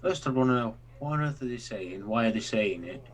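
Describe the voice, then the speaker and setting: A man's voice: medium pitch, expressive, fairly quick, rough recording. A man co-hosting a podcast, asking curious questions in a casual chat.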